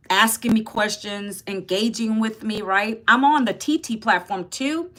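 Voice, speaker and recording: A woman in her fifties from Northern Virginia, in the United States, hosts a casual livestream, reading the chat, talking with viewers, and answering their comments. Her voice is on the high side and a bit bright.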